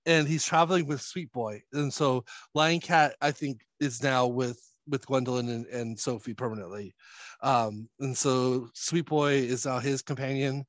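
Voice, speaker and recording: A man's voice: mid-range voice, fairly even intonation, measured pace, no room sound. A man casually recapping a comic series, full of fillers and chuckles as he talks. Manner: rambling, many fillers and chuckles. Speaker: podcast host.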